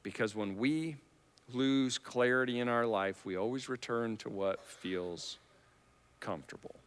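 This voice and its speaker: A man's voice: medium pitch, measured pace, clean tone. A man preaching a sermon in a conversational way, acting out the quoted lines with rising force. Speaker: pastor. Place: church hall. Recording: long church hall reverb.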